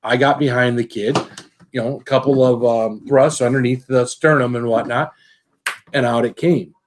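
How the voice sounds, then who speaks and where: A man's voice: mid-range voice, fairly even intonation, normal speed, background noise. A man chatting casually and telling a story from his past, with many fillers. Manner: rambling, many fillers, tells stories from work. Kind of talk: casual chat.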